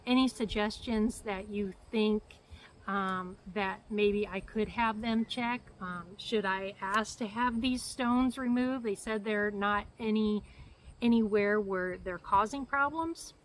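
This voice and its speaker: A woman's voice: mid-range voice, slow pace, rough recording. Middle-aged woman rambling thru a health update vlog, coughy, out of breath, faint hiss behind. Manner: rambling, flustered, many fillers. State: hacky cough, short of breath. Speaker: vlogger.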